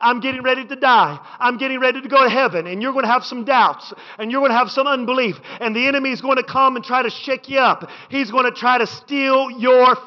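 A man with a very high voice preaches to a congregation, driving his points home with repeated phrases and climbing to shouts. His voice rings through a big church hall with a long tail of reverb. The sound is muffled and lo-fi. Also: a little fast, few pauses. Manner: rhythmic preaching with repetition, building to shouts. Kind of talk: sermon. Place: church sanctuary.

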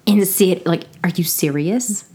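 A woman's voice: lowish voice, normal speed, warm tone, slightly rough. A woman co-hosting a casual podcast, asking playful questions and laughing often. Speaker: podcast co-host.

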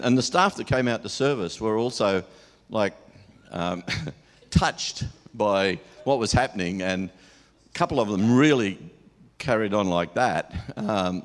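A man preaching an informal sermon in a church hall, telling stories in a chatty way and laughing often. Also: on the low side.

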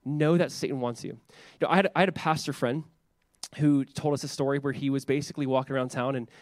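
A male pastor preaching a casual, animated sermon, full of "like" and quick acted-out quotes. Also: mid-range voice, dry recording. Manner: animated, filler-heavy, acts out scripture voices.

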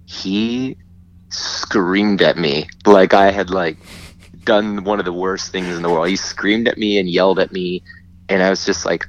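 Very deep-voiced man telling a story. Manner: animated, laughing, acts out quotes. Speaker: guest. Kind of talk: casual storytelling. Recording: dull lo-fi sound.

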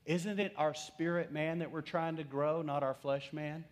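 A middle-aged man preaching a sermon as pastor, conversational, swinging from loud emphasis to hushed, slowed lines. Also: a little high, fairly even intonation.

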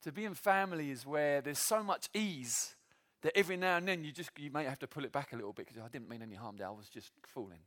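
A man delivers a sermon to a church meeting. His voice sits high and leaps around with lively intonation. He pokes fun at himself and laughs easily along the way. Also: fast talker, few pauses. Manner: animated, self-deprecating, laughs often. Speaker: preacher.

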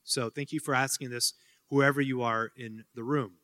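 A man's voice: medium pitch, fairly even intonation, moderate pace, bright, forceful tone. A man giving a casual Q&A talk to students, rambling with many fillers and joking asides. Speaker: speaker answering student questions. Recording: hall with long reverb.

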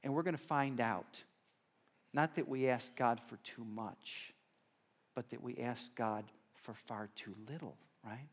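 A pastor delivers a sermon like he's telling a story in conversation, shifting between loud, emphatic lines and quiet asides. His voice sits at a medium pitch, and he speaks a little slowly.

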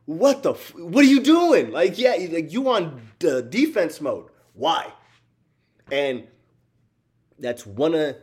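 Male streamer, casual and profane, laughs easily, speaks to viewers directly, mid-range pitch. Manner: animated, profane, laughs often, addresses listeners as y'all. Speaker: streamer talking to chat. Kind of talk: casual chat.

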